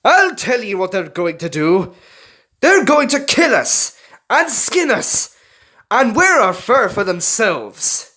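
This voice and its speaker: A man's voice: high voice, expressive, measured pace, pauses often, a bit bright, voice pushed up. A man voicing an older, rude and mocking male red fox in a read-aloud story, with a bellowing, sneering delivery. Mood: grim. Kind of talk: reading a fan story aloud.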